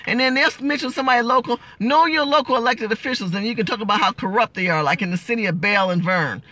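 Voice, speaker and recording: A woman's voice: a little high, fast talker, bright, forceful tone. A woman hosting a political livestream, talking in an emotional, emphatic, preachy way as she answers viewer comments.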